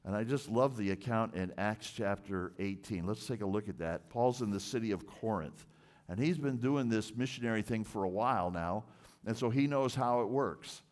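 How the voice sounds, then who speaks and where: A man delivers a church sermon in a fairly low voice. He preaches earnestly and emphatically, stressing and repeating key words and sometimes stumbling over the start of a phrase. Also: moderate pace. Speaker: pastor.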